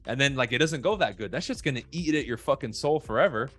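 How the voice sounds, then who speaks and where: A man talking bluntly and profanely in a casual podcast chat, telling stories with animated quoted voices. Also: medium pitch, quick pace.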